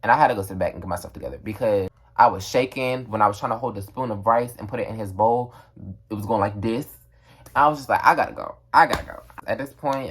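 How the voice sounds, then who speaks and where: A young man telling a casual storytime, animated and emphatic, with lots of slang. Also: mid-range voice. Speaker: vlogger.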